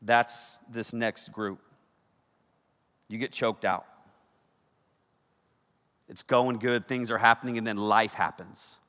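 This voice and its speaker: Animated preacher in a reverberant hall. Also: male voice, fairly low pitch, takes it slowly, pauses often. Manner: animated storytelling, swings from loud to hushed. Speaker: pastor. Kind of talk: sermon.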